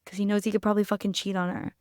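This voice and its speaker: A young woman hosting a podcast, giving blunt, animated opinions in casual chat, swearing freely and saying "like" often. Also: mid-range voice, very fast, dry recording, clean studio sound. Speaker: podcast host.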